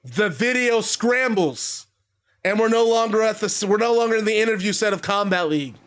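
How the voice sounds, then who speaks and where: High-voiced man casually narrating a wrestling recap. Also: animated, normal speed. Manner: rambling, swears freely, laughs at his own stories. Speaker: narrator of a wrestling game league.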